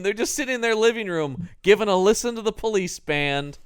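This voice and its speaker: A man co-hosting a podcast in casual chat about a movie, animated and jumping into put-on voices when quoting. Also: high-pitched, a little fast, clear, resonant tone, dry recording, studio quality. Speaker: podcast co-host.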